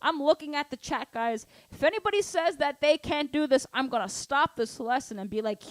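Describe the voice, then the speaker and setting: A woman's voice: sits high, expressive, moderate pace, hardly any pauses, over music. A woman teaching a live online drum lesson, chatty and encouraging, with many casual fillers.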